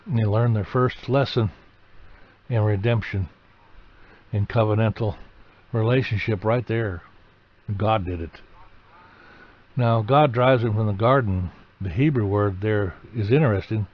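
A man preaching a sermon, telling the story dramatically and breaking into sudden loud, emphatic bursts. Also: on the low side, unhurried, pauses often, muffled recording.

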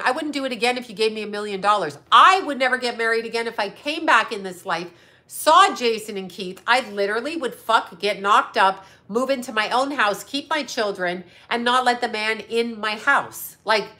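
A middle-aged psychic medium and astrologer hosts a casual livestream chat, blunt and sarcastic and swearing freely. Her voice is fairly high-pitched with a sharp tone.

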